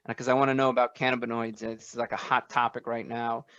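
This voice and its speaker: A man's voice: mid-range voice, quick pace, clear, resonant tone, dry recording. Emphatic male podcast co-host, dull dry audio. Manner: animated, emphatic storytelling with many fillers. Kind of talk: conversational podcast interview.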